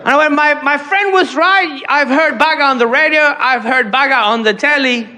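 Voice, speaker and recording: A man doing a stand-up comedy set on a club stage, telling a story in an animated way with stammered restarts. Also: very high-pitched, moderate pace. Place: comedy club stage before a live audience. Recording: noisy live stand-up recording.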